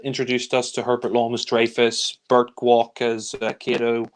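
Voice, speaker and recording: A man talks through a film in an easygoing, unscripted way, wandering from scene to scene. His voice sits at an average pitch and stays fairly level. He sounds like a regular on a casual review show. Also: level tone, moderate pace, slight background noise. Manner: rambling, loose plot recap.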